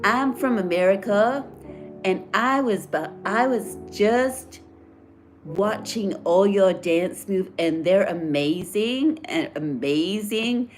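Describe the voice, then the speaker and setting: A woman voicing an excited American woman tourist who gushes with breathless praise. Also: mid-range voice, takes it slowly, faint music behind, voice pushed up, natural voice. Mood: gushing.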